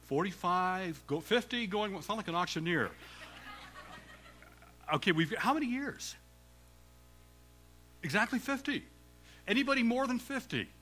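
Older guest preacher, joking with the congregation, lively bright voice. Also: male voice, high-pitched, unhurried, pauses often. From Canada. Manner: warm joking banter with the congregation. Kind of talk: sermon. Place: church sanctuary.

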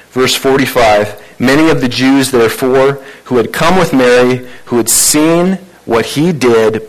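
A man preaching a sermon in a conversational way, asking rhetorical questions and rising in pitch for emphasis. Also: low-quality recording. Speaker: pastor.

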